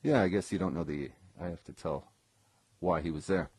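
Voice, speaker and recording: A man with a very low voice tells a personal story in a loose, casual way. He rambles, fills pauses with ums, and corrects himself as he goes. The sound is dry and close. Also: darkish tone, husky, no room sound. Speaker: former session guitarist telling a personal story. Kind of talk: casual live-streamed storytelling.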